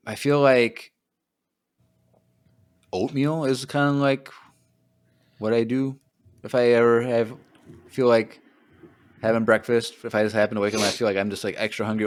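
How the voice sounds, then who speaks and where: Chatty co-host: a man with a smooth, clean voice who fills the gaps with loose, self-deprecating talk. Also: fairly low pitch, steady tone, moderate pace, pauses often, no echo. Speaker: podcast co-host. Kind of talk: casual podcast chat.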